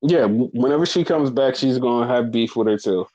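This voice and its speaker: A man's voice: medium pitch, fairly quick, warm tone, dull audio. Profane, rambling podcast host, a man. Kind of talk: casual wrestling recap chat.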